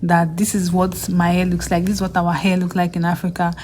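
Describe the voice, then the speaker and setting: A young woman with a Nigerian accent telling stories casually in a vlog, often acting out what others said in a higher voice. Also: monotone, fairly quick, darkish tone, slight background noise. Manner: chatty, acts out others' lines in a higher voice. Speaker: vlogger and graduate student.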